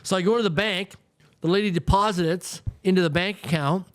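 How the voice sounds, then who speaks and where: A man from Canada, a guest telling a story in an interview, animated and often repeating words as he goes. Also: high-pitched, a little fast, clean tone, no room sound, studio quality.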